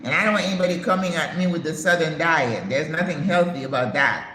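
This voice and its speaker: An older woman, a retired nurse practitioner, hosts a casual live chat from her home in Panama, telling stories with emphatic, preachy asides. Her voice sits low and she talks fast, in an echoey room with faint background noise.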